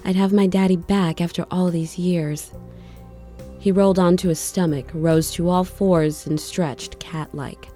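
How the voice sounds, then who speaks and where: Woman narrator, mellow tone, lowish voice, measured storytelling, faint music behind. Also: fairly even intonation. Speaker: audiobook narrator.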